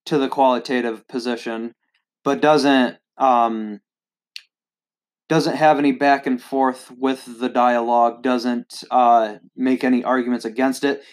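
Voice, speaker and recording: A man hosting his own video, critiquing an article, hesitant with many fillers and restarts, and reading long quoted passages aloud. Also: medium pitch. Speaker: video host.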